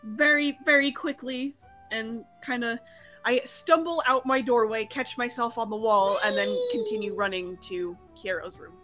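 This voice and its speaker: A woman playing in a tabletop game, giggly and excitable. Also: a little high, moderate pace, faint music behind. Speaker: player. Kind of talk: casual tabletop game play.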